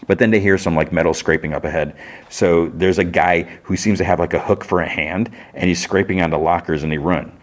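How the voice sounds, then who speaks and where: A man's voice: sits low, fairly even intonation, fairly quick. A man hosting a podcast, chatting casually as he retells a TV episode in a loose, rambling way. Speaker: podcast host.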